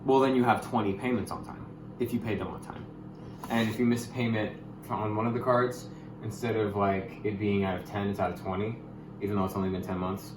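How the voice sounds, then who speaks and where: A man's voice: fairly low pitch, fairly even intonation, a little fast. Young man, casual vlog explainer, goofy bursts, roomy echo, faint hum behind. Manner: goofy, hyper bursts, calls viewers gamers. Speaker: YouTuber.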